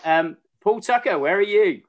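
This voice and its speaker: A man's voice: high voice, animated, normal speed, muffled recording. A man hosting a casual video-call chat, joking with his guests as he introduces them. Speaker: host.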